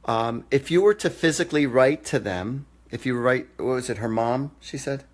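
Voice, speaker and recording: A man's voice: medium pitch, normal speed. A man hosting a live-stream psychic reading show, chatty and joking, with casual swearing. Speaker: psychic medium host.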